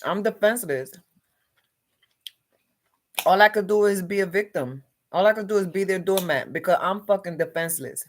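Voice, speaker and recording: A woman's voice: medium pitch, moderate pace, pauses often, a little hiss or hum. A woman delivering an agitated, unscripted monologue rant, swearing constantly and repeating herself. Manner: profane, repetitive, agitated ranting.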